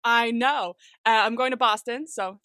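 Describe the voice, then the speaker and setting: A young woman co-hosts a podcast in loose, excitable chat, cursing freely and breaking into laughter often. Her voice sits a little high and rings bright. The sound is dry and close. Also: normal speed, clean tone, no echo. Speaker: podcast co-host. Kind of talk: casual chat.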